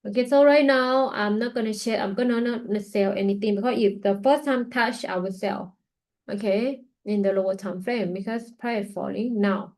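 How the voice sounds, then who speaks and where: A woman's voice: mid-range voice, moderate pace, darkish tone, low-quality recording. A woman hosting a trading webinar, thinking aloud over live charts with loose grammar and many fillers, tired and yawning. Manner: casual, thinking aloud while watching charts. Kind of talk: live market analysis.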